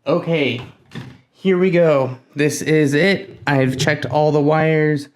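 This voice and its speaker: A man hosting a casual hands-on build vlog, talking to himself while he works, nervous and excitable. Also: a little high, slow. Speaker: tech hobbyist host.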